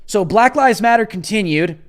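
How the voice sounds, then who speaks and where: Male host with a high voice, combative and insistent, driving points home in an emphatic rant. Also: lively intonation, normal speed. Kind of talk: political commentary rant.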